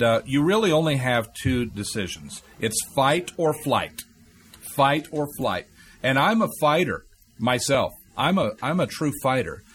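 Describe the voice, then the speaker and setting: A man's voice: medium pitch, a bit bright, a little hiss or hum. A man with a Texan accent speaking earnestly and measuredly as a talk show host, repeating key phrases. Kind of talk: reflective talk-show chat.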